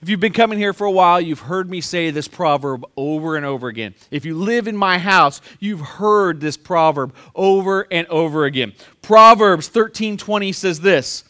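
A middle-aged man preaching a sermon as pastor, telling stories and swinging between quiet asides and loud punchlines. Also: high voice, animated, moderate pace, few pauses.

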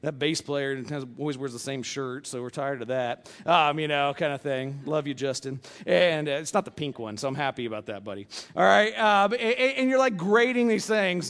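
A man in his thirties preaching a sermon as pastor, casual, blunt and joking, swinging from quiet asides to loud punchlines. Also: high-pitched, a little fast, hardly any pauses.

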